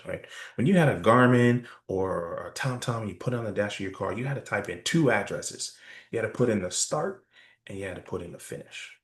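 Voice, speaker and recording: A man's voice: on the low side, roomy sound. A man giving a sales training talk in a conversational style, often checking in with "right?". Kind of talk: workshop presentation.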